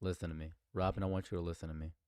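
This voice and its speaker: A man's voice: low-pitched, flat delivery, very fast, warm tone, smooth, no echo, studio quality. A man streaming live react commentary, talking in a heated, rambling way and repeating himself.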